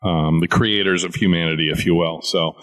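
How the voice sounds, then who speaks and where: A man's voice: low voice, steady tone, brisk, a bit bright. A man co-hosting a casual chat who explains comic book news at length and answers his co-host with short agreeing replies. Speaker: comic shop owner, podcast co-host.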